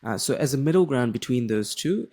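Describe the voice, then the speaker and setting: A man's voice: mid-range voice, animated, brisk, a little mellow. A young Australian man with a general Australian accent, explaining a lesson as a tutor in a casual, rambling way with many fillers and restarts.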